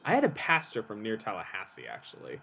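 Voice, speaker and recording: A man's voice: fairly low pitch, huge pitch swings, fast talker, gravelly, a bit bright, breathy edge. A man chatting casually while playing a game together, with wry remarks. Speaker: co-host. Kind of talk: casual gameplay chat.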